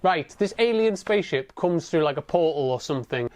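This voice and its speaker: Male vlogger, casual sweary film rant, sarcastic, slightly high voice. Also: expressive, brisk, a little mellow. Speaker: movie reviewer. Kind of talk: casual ranting film review.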